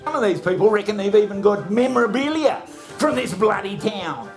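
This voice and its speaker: A man's voice: sits high, animated, normal speed, faint music behind. A man hosting a comedy show, bantering crudely with himself, swearing and laughing at his own jokes. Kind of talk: comic monologue, bantering with himself.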